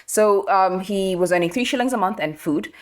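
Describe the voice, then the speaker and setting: A woman's voice: medium pitch, normal speed. A young woman hosting a casual history podcast, telling stories animatedly, reading quotes and laughing often. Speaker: podcast host.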